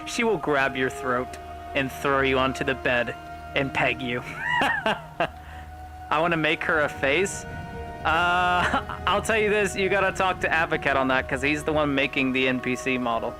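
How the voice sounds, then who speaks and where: A man's voice: fairly high pitch, big pitch swings, measured pace, music in the background, poor audio. A man streaming a roleplay game, chatting casually and joking between scenes, swearing freely.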